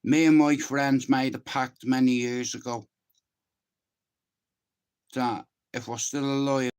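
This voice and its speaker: A man's voice: mid-range voice, flat delivery, slow, a little mellow, smooth. An Irish man around fifty, a channel host, talks in a casual, emphatic monologue, swearing freely and often checking that the listener understands.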